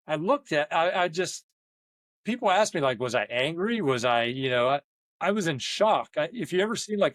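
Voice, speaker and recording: A man's voice: fairly high pitch, dry recording. Man telling stories in a dry close recording. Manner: rambling, with frequent restarts and quoted asides. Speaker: leadership coach and business owner. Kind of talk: candid conversational storytelling.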